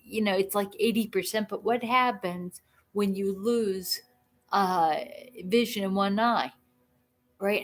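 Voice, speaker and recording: Slow, halting woman host. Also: mid-range voice. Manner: slow, halting, frequent restarts and self-talk. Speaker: livestream host. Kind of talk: casual livestream chat.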